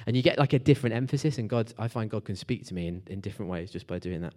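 A man's voice: fairly low pitch, racing, hardly any pauses, darkish tone. A man preaching a casual, conversational sermon to a church group, with fillers and restarts.

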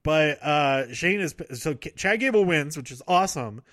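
Guy rambling through a show recap, a bit higher voice, keeps correcting himself. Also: animated, normal speed, a bit bright, no room sound, clean studio sound. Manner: rambling, self-correcting, laughs often. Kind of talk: casual wrestling show recap.

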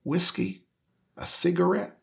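A man's voice: high voice, little pitch movement, a little slow, creaky, sharp tone, breathy edge, full character voice. A man playing a confused scriptwriter who stammers and gets flustered easily.

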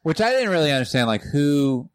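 A man's voice: fairly high pitch, sing-song, a little fast, crowd noise. A man co-hosting a casual podcast chat, dropping dry joking asides. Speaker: podcast co-host.

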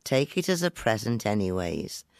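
A man voicing a sly old countrywoman who coaxes a girl into taking a strange gift, dropping now and then to a hushed whisper. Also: fairly low pitch, big pitch swings, moderate pace, gravelly, dry recording, clean studio sound. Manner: coaxing, knowing, half-whispered asides.

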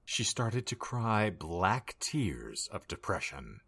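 A man's voice: on the low side, big pitch swings, slow pace, gravelly, a bit bright, husky. A man hosting a comedy podcast, narrating a dramatic reading in a wry, mock-earnest manner.

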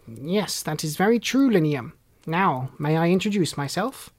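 A storyteller voicing a kindly old male elf elder who leads the elves, speaking slowly and patiently in a storybook read-aloud. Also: medium pitch, expressive, natural voice. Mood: welcoming. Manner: slow, measured, instructive.

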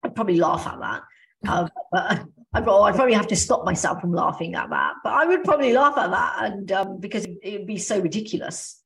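A woman's voice: medium pitch, lively intonation, fairly quick, creaky. A woman co-hosting a casual podcast chat, thoughtful, working her ideas out aloud with restarts. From Australia. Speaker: podcast co-host.

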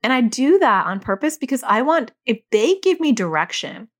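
A middle-aged woman, a mother and parent educator, explaining casually and acting out quoted lines in a higher voice. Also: big pitch swings, moderate pace. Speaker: parent educator teaching about OCD.

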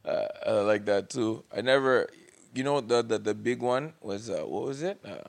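A man's voice: lowish voice, moderate pace, gravelly. A man hosting a casual comedy podcast, telling stories with frequent laughter. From Canada. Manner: laughs often, animated storytelling. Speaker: podcast host.

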